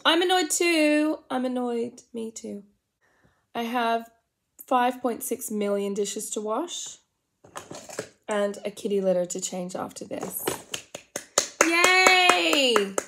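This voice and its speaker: An Australian woman in her forties, fairly high-voiced, chats unhurriedly through a comic makeup tutorial. She rambles and pokes fun at herself. Now and then she drops into a hushed whisper. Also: takes it slowly. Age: 40s. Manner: rambling, self-mocking, drifts into soft whispered asides. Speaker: makeup vlogger. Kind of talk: comedic get-ready-with-me chat.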